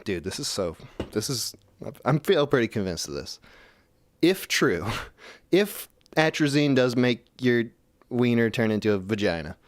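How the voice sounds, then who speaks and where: A man hosting a call-in show, rambling through a comedic monologue full of profanity and deadpan asides. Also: mid-range voice, unhurried, no room sound.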